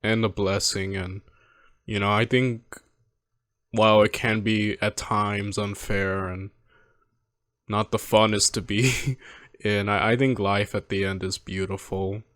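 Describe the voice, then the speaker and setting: A man in his twenties hosting a movie reaction, talking in a rambling, halting, heartfelt way from home. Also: lowish voice, flat delivery, a bit bright, no echo. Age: 20s. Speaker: reaction video host. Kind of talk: casual reflective commentary.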